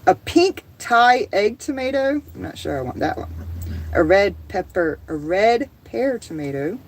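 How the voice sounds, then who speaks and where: Middle-aged Southern woman, livestream host, chatty and quick to laugh, reads viewer comments aloud. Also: mid-range voice, sing-song, slight background noise, low-quality recording. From American South. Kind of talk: casual livestream chat.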